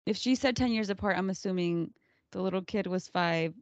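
A woman in her thirties co-hosting a casual podcast, telling animated stories about her kids and acting out their voices. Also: medium pitch, a little fast, dry recording. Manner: animated storyteller, acts out kids' voices. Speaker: podcast co-host. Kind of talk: casual chat.

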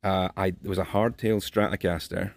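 Scottish man with a Glasgow accent, lowish voice, friendly and easygoing guest, chuckles a lot. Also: steady tone, normal speed, vocal fry, no room sound. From Scotland. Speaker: guest, guitar maker. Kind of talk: casual interview chat. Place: busy gear show floor.

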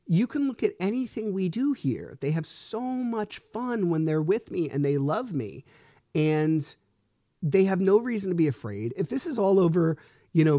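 A man's voice: fairly high pitch, darkish tone, no echo, clean studio sound. Frustrated man venting on a podcast. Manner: frustrated, swearing, rambling with restarts. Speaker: podcast host. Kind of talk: solo podcast storytelling.

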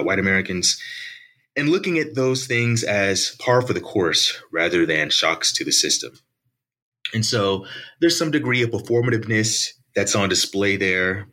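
Deep bright-voiced male academic. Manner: measured, articulate explaining. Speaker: author and political science professor. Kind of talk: academic interview answers.

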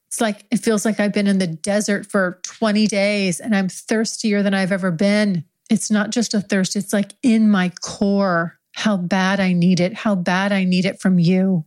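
Young woman, warm tone, improvised second-person intimate narration, soft and close. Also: mid-range voice.

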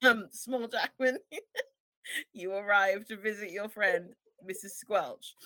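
A woman's voice: mid-range voice, slow pace, bright, forceful tone, dry recording. A young woman co-hosting a podcast, narrating an improvised tabletop scene with playful laughter. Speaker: podcast co-host and game master. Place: home room near a train line.

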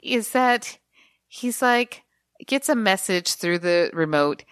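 A woman co-hosting a casual movie chat, agreeable and quick to chime in. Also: medium pitch, expressive, clear, resonant tone, no room sound, clean studio sound. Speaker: podcast co-host.

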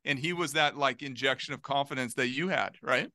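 Forties male guest, crisp bright voice, dry sound, lively storyteller. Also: mid-range voice, a little fast, no room sound. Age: 40s. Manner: animated storyteller. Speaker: golf pro guest. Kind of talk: casual podcast interview.

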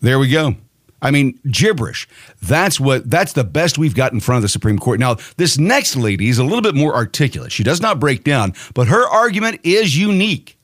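A man's voice: medium pitch, sing-song, a little fast, no room sound, studio quality. Profane, mocking male podcast host. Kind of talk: opinion podcast rant.

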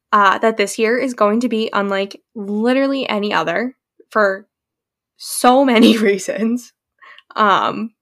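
A woman's voice: medium pitch, fairly bright tone. A woman in her twenties, co-hosting a podcast in casual chat, candid and reflective, laughing often. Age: 20s. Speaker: podcast co-host.

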